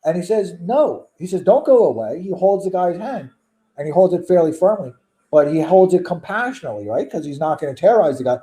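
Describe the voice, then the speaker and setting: Emphatic high-voiced man holding forth. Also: animated, warm tone. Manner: emphatic, opinionated, rapid-fire rhetorical questions. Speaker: guest. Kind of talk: casual chat.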